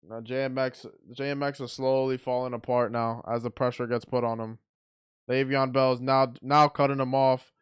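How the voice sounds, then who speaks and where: A man giving blunt, excitable play-by-play commentary on a boxing match as he watches it live. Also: medium pitch, moderate pace, clean tone.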